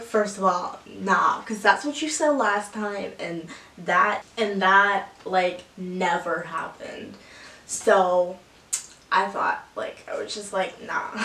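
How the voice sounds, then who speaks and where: A woman's voice: medium pitch, slight background noise. A young woman telling a rambling story to her camera, full of 'like' and laughter. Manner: rambling, laughing often, filler-heavy with lots of 'like'. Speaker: vlogger. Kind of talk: casual storytime. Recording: echoey room, from a distance.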